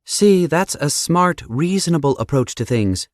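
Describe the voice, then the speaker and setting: A man's voice: a little high, expressive, measured pace, no echo, clean studio sound, voice pushed up. A man voicing a sarcastic, anxious young woman, a little sister, in an audiobook, with a blunt, teasing manner. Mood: wry. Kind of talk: audiobook character voice.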